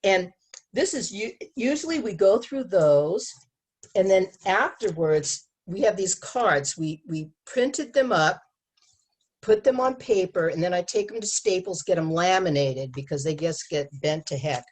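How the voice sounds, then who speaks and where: A woman educator giving an animated talk to an audience, acting out quoted lines and laughing often. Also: fairly low pitch, measured pace, husky. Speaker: abstinence educator. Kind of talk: presentation to an audience.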